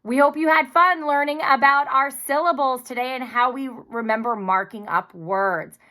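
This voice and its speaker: Bright-voiced woman teaching children spelling. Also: high voice. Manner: slow, clear, encouraging teacher talk. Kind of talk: recorded spelling lesson for children.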